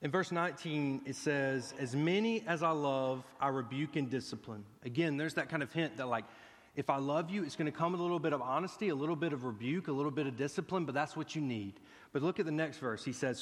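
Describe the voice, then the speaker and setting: A man preaching a sermon as a guest pastor, earnest and growing excited as he speaks. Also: medium pitch. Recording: long hall reverb.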